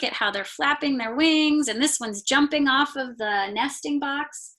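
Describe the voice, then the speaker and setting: A woman teacher reading a picture book aloud to her class, slow and expressive, stopping to point out the pictures. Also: high-pitched. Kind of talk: read-aloud storytime.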